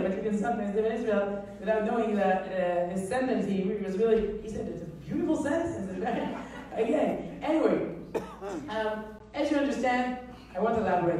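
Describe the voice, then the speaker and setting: Woman, mellow voice, animated storyteller, very echoey hall, distant mic. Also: medium pitch. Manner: animated storyteller with many restarts. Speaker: guest speaker. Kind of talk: storytelling talk to an audience.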